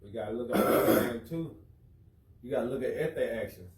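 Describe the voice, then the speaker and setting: A man's voice: mid-range voice, fairly quick, a little mellow, distant mic. Casual man, echoey and off mic. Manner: casual, keeps asking "you know what I'm saying?". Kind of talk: informal religious teaching.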